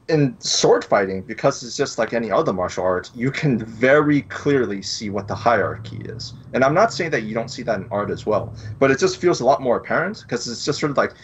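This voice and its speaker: A man's voice: medium pitch, slight background noise. A man guest on a podcast, chatting casually in an easygoing, reflective way. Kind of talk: casual conversation. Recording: dull lo-fi sound.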